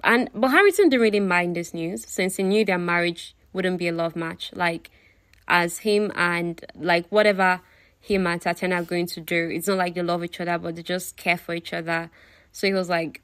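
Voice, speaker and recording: A woman's voice: lowish voice, normal speed, fairly bright tone, no room sound. A woman casually retelling a novel, chatty and full of fillers, often asking the listener questions. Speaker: book retelling narrator.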